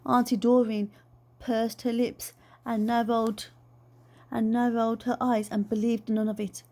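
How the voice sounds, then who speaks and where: A woman reading a children's book aloud in an expressive, lively way. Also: a little high, unhurried. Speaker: storyteller.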